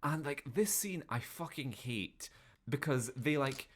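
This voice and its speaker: A man's voice: mid-range voice, expressive, measured pace, fairly bright tone. A man co-hosting a podcast, reviewing a bad film in casual, sweary chat and mocking the characters in put-on voices. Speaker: podcast co-host.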